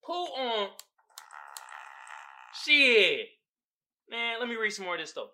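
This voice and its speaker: A young man hosting a podcast, giving casual, profane, animated commentary straight to his listeners. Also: sits high, normal speed. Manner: animated, loud, swearing, talking straight to listeners. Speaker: podcast host.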